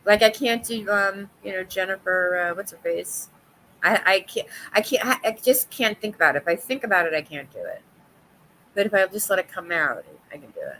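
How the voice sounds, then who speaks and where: A woman hosting a casual livestream chat with viewers, talkative and quick to laugh, often restarting her sentences. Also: mid-range voice, big pitch swings, a bit bright, slight background noise, poor audio. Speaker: livestream host.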